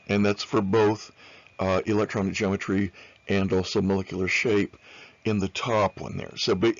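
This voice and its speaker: Low-voiced man giving a casual lecture. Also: no echo, lo-fi sound. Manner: informal, many "uh" fillers, repeats key points. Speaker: chemistry lecturer. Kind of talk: recorded slide lecture.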